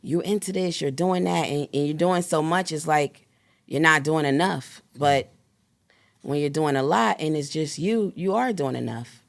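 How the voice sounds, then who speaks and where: A woman in her thirties, a guest in an interview, talking in a rambling, animated way and acting out quoted dialogue. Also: deep voice, normal speed, gravelly. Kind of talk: casual interview storytelling.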